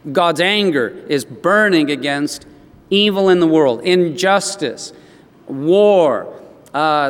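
A male pastor preaches with a lively, swooping delivery, his voice set a little high for a man. He tells homely stories to his congregation. A long hall reverb trails every phrase, as if he is in a church sanctuary. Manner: animated storytelling with expressive rises. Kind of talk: sermon.

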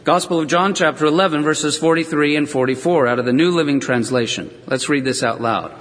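A man's voice: on the high side, animated, brisk, hardly any pauses, a bit bright. A man preaching a sermon, telling scripture stories and briefly acting out the voices of the people in them. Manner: storytelling, acts out voices of scripture figures. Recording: long reverb of a large hall.

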